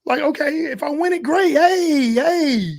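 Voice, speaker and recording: High-voiced man in lively sports banter. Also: moderate pace, gravelly. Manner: animated, acts out quotes in shifting voices. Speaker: podcast co-host. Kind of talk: casual sports talk.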